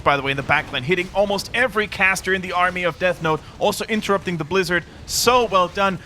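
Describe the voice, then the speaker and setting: A man giving excitable, dramatic play-by-play commentary on a live strategy game match. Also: high-pitched, slight background noise. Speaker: esports caster.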